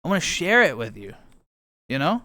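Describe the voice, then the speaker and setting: A man's voice: a little high, very animated, normal speed, pushed and bright, dry recording. A man streaming, chatting casually and rambling playfully to his viewers while playing a game. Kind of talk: casual chat with chat.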